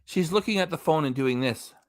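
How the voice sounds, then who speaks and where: A man's voice: fairly high pitch, lively intonation, brisk. A man hosting a live reaction stream, giving casual running commentary with dry asides and reading out quotes. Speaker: reaction channel host.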